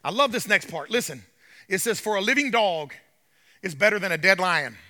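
A male pastor preaching a sermon to his congregation, swinging from quiet asides to hollering and calling out to the crowd. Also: high voice, expressive, moderate pace, in a large hall. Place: church sanctuary.

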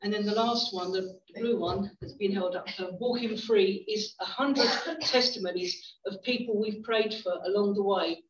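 Speaking at normal speed with few pauses, a middle-aged woman in a medium pitch gives a storytelling sermon as a visiting preacher, chatty and often restarting. It was recorded in a church hall, sounding distant, roomy and dull.

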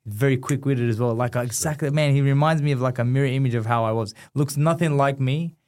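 Man, 30s, animated storyteller, mid-range voice, casual interview guest. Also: medium pitch, fairly quick. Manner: animated storyteller, acts out dialogue. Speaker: guest, former boxer.

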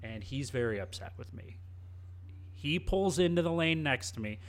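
A young man co-hosting a casual chat, telling a story in a cheeky, animated way. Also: mid-range voice, normal speed. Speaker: co-host.

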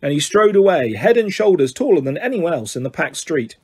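A man reading a storybook aloud in a husky voice that sits a bit high for a man. He stumbles over a word now and then and corrects himself as he goes. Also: very animated, a little fast, a little mellow. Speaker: reader. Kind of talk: storybook narration.

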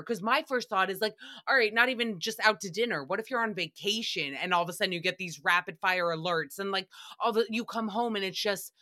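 A woman's voice: medium pitch, a little fast, few pauses, bright, forceful tone. A woman hosting a casual solo podcast, recapping another show in a sassy, chatty way, swearing freely and mocking the people she quotes.

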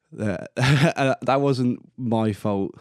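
A man's voice: medium pitch, very slow, no room sound, clean studio sound. A man hosting a casual solo podcast, rambling and chatty, swearing casually and laughing at himself. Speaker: podcast host.

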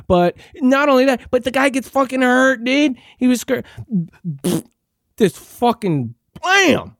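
Male podcast host, sarcastic profane rant, wildly swinging pitch, dry close sound. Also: animated, measured pace, no room sound. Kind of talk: ranting reaction commentary.

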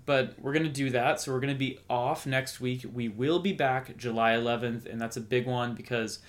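A man's voice: mid-range voice, fairly even intonation, moderate pace. Rambling casual male podcast co-host. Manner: rambling, self-interrupting, jokey. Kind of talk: casual chat.

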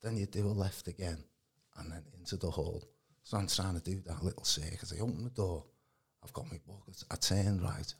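Gravelly husky man storytelling. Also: sits low, a little fast. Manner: animated, acts out quoted voices, calls the host mate. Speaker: guest giving testimony. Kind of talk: casual storytelling.

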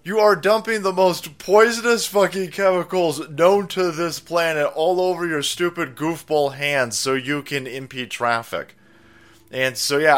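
A man's voice: medium pitch, a bit bright. A man hosting a commentary show, ranting in a foul-mouthed, mocking way. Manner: foul-mouthed, mocking, laughs at own jokes.

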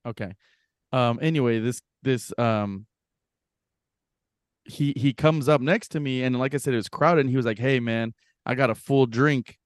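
A man's voice: mid-range voice, normal speed, pauses often, no echo, clean studio sound. A man co-hosting a casual podcast, telling a story with lots of laughs and swearing, acting out what people said. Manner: animated storyteller, laughs often, swears, acts out quotes. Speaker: podcast co-host. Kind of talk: casual chat.

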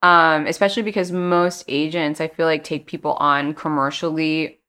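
A young adult woman speaks as a guest in a relaxed interview, telling her stories in a chatty, animated way. Her voice sits low, and she slips into other people's words as she recounts things. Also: moderate pace, smooth. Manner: chatty, animated storytelling with acted-out quotes. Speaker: actress guest. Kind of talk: casual interview chat.

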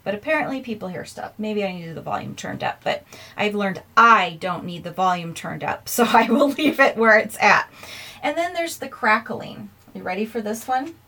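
A woman's voice: mid-range voice, expressive, normal speed, bright, forceful tone. Woman, podcast host, casual chat, self-mocking, laughs often. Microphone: earphones in, recording herself.

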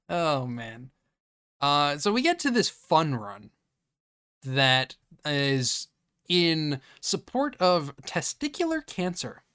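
A man's voice: fairly high pitch, very animated, very slow, pauses often, a bit bright, clear, resonant tone, no room sound, clean studio sound. A man co-hosting a podcast, casually recapping a movie scene by scene, swearing freely and acting out the characters' lines. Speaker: podcast co-host.

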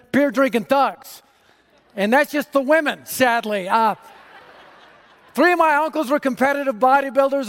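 A man from North Denver giving an energetic, humorous gospel talk on a conference stage, speaking into a stage microphone. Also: extremely high pitch, smooth. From North Denver, USA. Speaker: evangelist speaker. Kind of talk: gospel message speech. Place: large conference hall stage. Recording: reverberant hall.

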